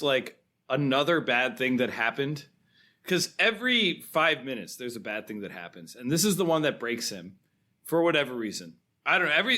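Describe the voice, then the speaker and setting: A man's voice: mid-range voice, pushed and bright. A man co-hosting a film podcast, talking casually and chuckling as he recounts scenes. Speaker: podcast co-host.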